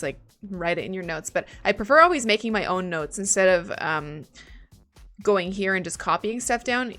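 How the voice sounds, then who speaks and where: A woman's voice: mid-range voice, fairly bright tone. A woman streaming live as she studies German, chatting casually and thinking aloud, swearing now and then when she gets stuck.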